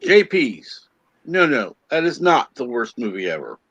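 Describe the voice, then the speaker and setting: A man's voice: mid-range voice, sing-song, a little slow, a bit bright, slightly rough, no echo, highs cut off. A man co-hosting a podcast, chatting casually in a sardonic way. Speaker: podcast co-host. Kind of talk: casual chat.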